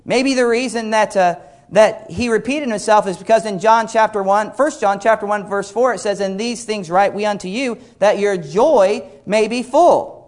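A man's voice: sits high, fairly even intonation, moderate pace, hardly any pauses. A middle-aged man preaching a sermon, earnest and repeating phrases for emphasis while quoting scripture at length. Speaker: pastor.

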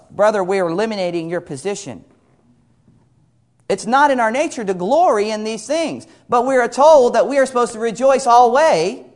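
A middle-aged man preaching a sermon, earnest and repeating phrases for emphasis while quoting scripture at length. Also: very high voice. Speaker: pastor.

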